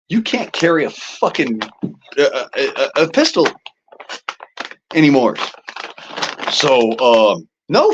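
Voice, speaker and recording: A man's voice: on the high side, muffled recording, noisy background. A man ranting casually and profanely to his audience, exasperated and often laughing at himself. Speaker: show host.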